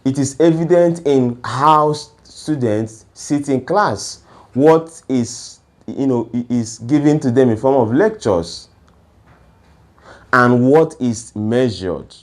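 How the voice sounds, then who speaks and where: A man speaks at an unhurried, measured pace, leaving room between his phrases. His pitch sits in an ordinary middle range. He lectures by posing rhetorical questions and answering them himself. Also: a little mellow. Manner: slow and deliberate, asks rhetorical questions then answers them. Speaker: education speaker. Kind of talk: lecture-style talk.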